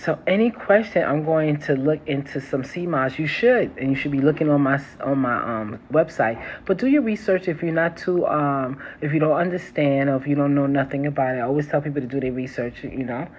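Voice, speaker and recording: Talking a little fast with hardly any pauses, this herbalist has a medium-pitched voice with a breathy edge and a New York accent. She laughs a lot and says "y'all" to her phone live stream viewers. Faint trains and street noise drift into the slightly muffled audio from her city home beside a train line.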